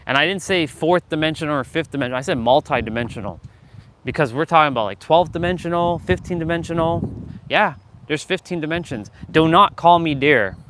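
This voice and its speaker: A man's voice: fairly high pitch, fairly bright tone, a little hiss or hum. Fired-up preachy man on a livestream. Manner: calls out chat viewers directly. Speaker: livestream host. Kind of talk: live motivational talk to chat.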